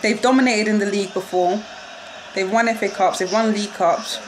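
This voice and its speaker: A young woman reacting live to a football match, excitable and quick to shriek and laugh. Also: medium pitch. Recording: loud crowd noise behind. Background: crowd noise from the match broadcast.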